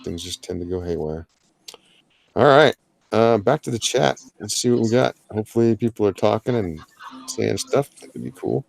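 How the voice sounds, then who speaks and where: The voice is a man's, fairly low and gravelly, moving at normal speed. He's the host of a drawing-challenge livestream, chatting casually in a rambling, filler-heavy way with jokey digressions.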